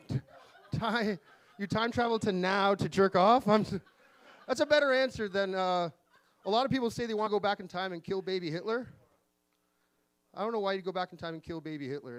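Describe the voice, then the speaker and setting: A man in his forties doing an open-mic stand-up set, delivering deadpan one-liners with sudden pitch jumps on the punchlines. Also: brisk. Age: 40s. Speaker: stand-up comedian. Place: live comedy venue.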